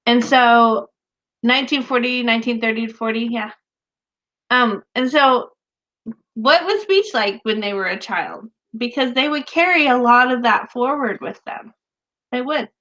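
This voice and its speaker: A woman in her thirties or forties co-hosting a casual chat about writing, animated and full of fillers, laughing often. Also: a little high. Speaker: podcast co-host, author. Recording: dull lo-fi sound.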